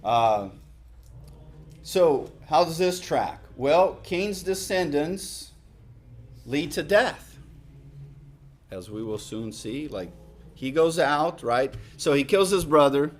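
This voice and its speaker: Slow, emphatic man preaching a sermon. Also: fairly high pitch, expressive. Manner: conversational, emphatic repetitions, drops to quiet asides. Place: church hall.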